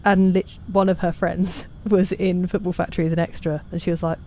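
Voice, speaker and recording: A woman's voice: on the low side, flat delivery, brisk, mellow, slight background noise. A woman chatting casually while streaming a game, reading and answering chat in a self-deprecating way.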